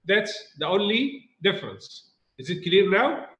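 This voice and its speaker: A man's voice: sits high, sing-song, a little slow, a bit bright, reverberant, lo-fi sound. A male English teacher giving a recorded grammar lesson, repeating key points and asking students rhetorical questions.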